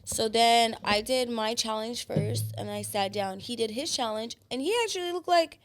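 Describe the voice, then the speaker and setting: A woman guest on a podcast, telling her story in a blunt, profane and animated way. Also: on the high side, normal speed. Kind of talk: casual storytelling chat.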